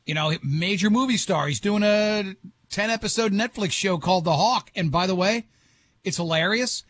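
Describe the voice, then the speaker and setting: A man's voice: high-pitched, moderate pace, fairly bright tone. A man hosting a morning radio show, rambling and joking in casual banter.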